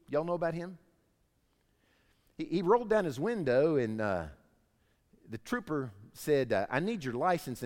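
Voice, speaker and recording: A man preaches in an animated storytelling way, slipping into character voices for his anecdotes. His pitch sits a little high and swings widely. The sound carries a long reverb from a large church hall. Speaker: pastor. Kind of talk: sermon.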